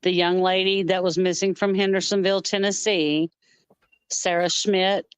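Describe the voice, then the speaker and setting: A woman with a Southern US accent co-hosting a casual livestream chat, brisk and matter-of-fact. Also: lowish voice, little pitch movement, clear, resonant tone, dry recording. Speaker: co-host.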